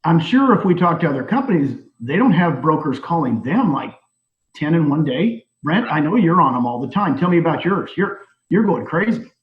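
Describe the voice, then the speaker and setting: A man's voice: fairly high pitch, very animated, normal speed. Upbeat man on a roomy, dull call. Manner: upbeat, emphatic, hands off the topic to others.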